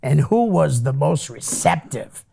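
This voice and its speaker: A man hosting a casual podcast, reading listener questions and chatting along with quick replies. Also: fairly high pitch, expressive, vocal fry, warm tone. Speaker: podcast host.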